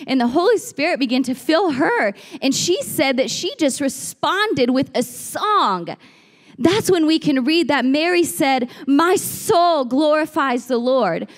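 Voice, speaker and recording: Brief: high-pitched female preacher, energetic and loud at times, long church reverb. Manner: lively, animated, bursts into shouts and acted quotes. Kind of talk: sermon. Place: church sanctuary.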